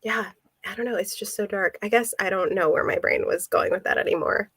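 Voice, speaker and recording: A woman hosting a casual book club livestream, speaking softly and self-deprecatingly. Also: medium pitch, fairly quick, slightly rough, dry recording, clean studio sound.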